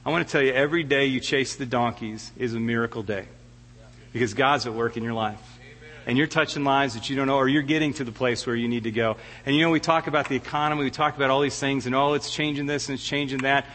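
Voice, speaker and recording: A man's voice: mid-range voice, steady tone, fast, a bit bright, big-room sound, slight background noise. A middle-aged man preaching a heartfelt sermon as a guest preacher, often stammering and restarting his words. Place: church sanctuary.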